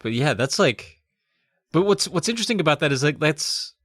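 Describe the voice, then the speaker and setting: A man's voice: fairly high pitch, brisk. A man co-hosting a podcast who recaps a story in casual chat and acts out the quotes. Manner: animated, acts out quotes in put-on voices. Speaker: podcast co-host.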